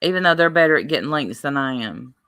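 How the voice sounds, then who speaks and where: This livestream host has a low, clean voice and talks quickly. She rambles in an easygoing, chatty way, peppering her talk with lively digressions.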